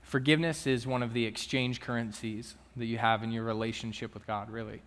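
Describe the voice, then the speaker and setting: A man delivering a sermon as a student minister, talking to the congregation in a relaxed, conversational way and often checking in with a quick aside. His voice sits at an ordinary middle pitch. It rings out with the long reverb of a church hall. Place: church sanctuary.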